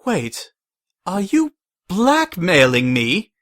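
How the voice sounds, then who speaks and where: A man voicing a prim, refined mare pony who is quick to take offense. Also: a little high, big pitch swings, a bit bright, pitched above the performer's own voice. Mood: indignant.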